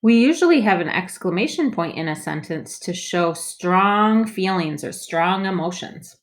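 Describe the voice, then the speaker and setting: A woman teaching an early reading lesson, stretching out each sound and word with slow, deliberate care. Her voice sits a little low, and she leaves pauses for young readers to repeat after her. The tone stays patient and encouraging. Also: animated. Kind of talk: phonics lesson for young children.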